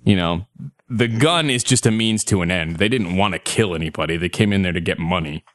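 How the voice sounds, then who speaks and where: A man's voice: sits low, brisk, no room sound. A man in casual chat, telling a rambling story and laughing often as he goes.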